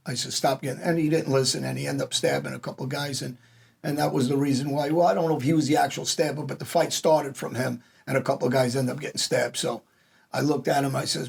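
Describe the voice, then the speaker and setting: A man's voice: mid-range voice, fairly even intonation, quick pace, darkish tone. A man, hosting a podcast and telling blunt, profane street stories in casual chat. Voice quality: gravelly and husky. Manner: blunt street talk with cursing. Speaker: podcast host.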